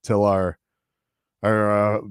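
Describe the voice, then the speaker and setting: A man's voice: fairly low pitch, monotone, takes it slowly, clear, resonant tone, no echo, studio quality. A man hosting a sports radio show, bantering brashly and trash-talking rival fans.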